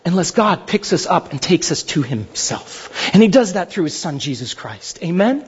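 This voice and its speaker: An animated male pastor preaches with a high, lively voice that climbs and dips. His tone is slightly husky and the sound is dull, carried by the long echo of a large church hall. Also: moderate pace. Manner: animated, jokey delivery with mock voices. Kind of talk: sermon.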